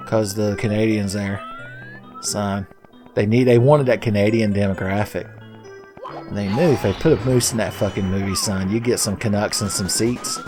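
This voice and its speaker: A man's voice: on the low side, normal speed, over music. Sarcastic young man commenting on gameplay. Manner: sarcastic, profane, rambling jokes. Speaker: let's play host.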